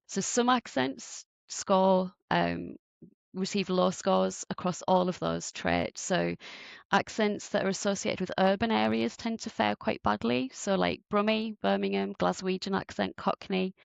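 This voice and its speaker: A woman researcher calmly explaining research findings in a podcast interview. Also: medium pitch, unhurried, creaky, smooth, no room sound. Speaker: researcher guest.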